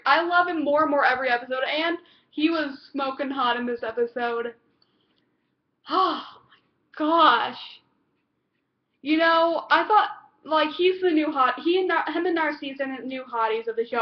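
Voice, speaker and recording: A woman recapping a TV episode in casual chat, rambling and gushing, with lots of fillers and restarts. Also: high-pitched. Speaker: TV episode reviewer. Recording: dull lo-fi home recording.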